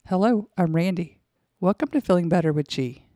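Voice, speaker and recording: A woman, a mother hosting a children's show, leads a guided imagery exercise in a gentle, soothing manner and sometimes drops to a soft whisper. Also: fairly low pitch, lively intonation, normal speed, dry recording, clean studio sound. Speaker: host and mother leading guided relaxation for kids.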